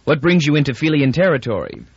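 A man's voice: on the high side, big pitch swings, quick pace, breathy edge, no echo, muffled recording, pitched above the performer's own voice, exaggerated voice. A male narrator voicing a brusque, bureaucratic male inspector who fires off clipped questions in an audiobook. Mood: curt. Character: curt officious male border inspector, brusque.

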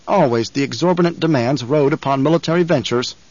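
A man narrating an audiobook in a measured, even reading. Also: mid-range voice, no echo, highs cut off. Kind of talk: scripted narration.

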